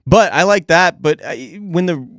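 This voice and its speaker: A man's voice: a little high, measured pace, no echo. A man co-hosting a morning radio show, chatting casually and telling stories with lots of energy in a studio. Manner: chatty, animated storytelling.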